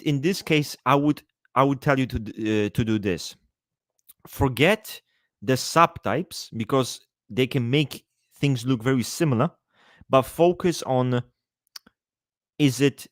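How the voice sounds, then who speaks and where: Speaking in a mid-range voice, this livestream host reads out viewer names, cracks jokes and swears a lot. The sound is clean studio quality with no room sound at all.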